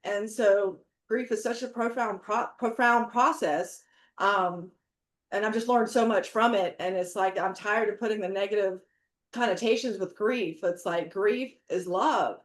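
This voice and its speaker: A woman's voice: medium pitch, a little slow. A middle-aged woman on a video call, a guest author who speaks in an earnest, tearful way and laughs between phrases. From Texas. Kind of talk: emotional video-call interview. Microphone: laptop camera on video call. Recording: echoey room on a video call.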